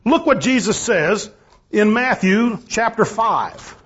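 A man's voice: high-pitched, animated, takes it slowly, a bit bright, slightly rough. A man preaching a sermon about marriage, reading King James scripture aloud and pressing his points with rising emphasis. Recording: dull, lo-fi sound.

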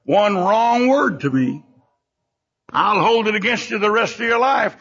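Older male preacher, high husky voice, fervent sermon with swinging emphasis. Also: expressive, unhurried, a bit bright. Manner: fervent preaching, sudden rises and drops in pitch and volume. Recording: dull lo-fi recording.

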